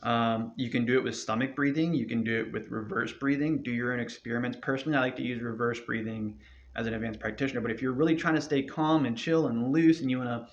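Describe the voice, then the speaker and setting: A man's voice: medium pitch, fairly even intonation, fast talker, a little hiss or hum. A man teaching a chanting practice, talking loosely and encouragingly, with many fillers and restarts. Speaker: meditation teacher. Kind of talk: casual spoken instruction. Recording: dull lo-fi sound.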